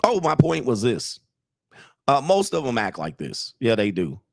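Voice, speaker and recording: A man in the middle of the male pitch range delivers brash, mocking reaction commentary as a self-styled dating coach. He talks directly to his audience with a blunt edge. The recording is dry, with no room sound. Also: wildly swooping pitch, a little slow, gravelly, no echo.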